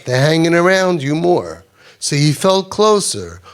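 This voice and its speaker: A man's voice: fairly high pitch, very animated, a little slow. A man giving a Torah lecture in English with an Orthodox Jewish accent, reading Hebrew quotes and explaining them with repetition for emphasis. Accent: Orthodox Jewish English with Ashkenazi Hebrew. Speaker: rabbi teaching a class.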